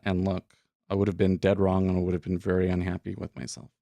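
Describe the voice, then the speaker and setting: A man's voice: low voice, completely flat delivery, fast talker, gravelly, mellow, dry recording, clean studio sound. A man hosting a day trading livestream, talking casually and rambling with lots of fillers and restarts. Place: home studio room.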